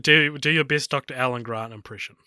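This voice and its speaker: A man in his thirties co-hosting a casual film podcast, animated and swearing freely, full of fillers and restarts. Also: mid-range voice, fairly quick, clear, resonant tone, no room sound. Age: 30s. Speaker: podcast co-host. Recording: dry close-mic podcast sound.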